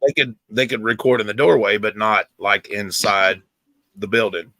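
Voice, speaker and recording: Man, mid pitch, bright forceful tone, dry close sound; rambling casual talker on a group call. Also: fairly even intonation, moderate pace, dry recording. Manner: rambling, repeats himself.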